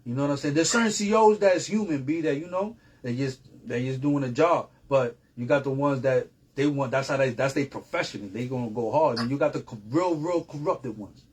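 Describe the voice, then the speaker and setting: A man's voice: medium pitch, brisk, husky. A man, a guest telling a long story in a casual, streetwise way with heavy slang and repeated phrases. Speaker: interview guest.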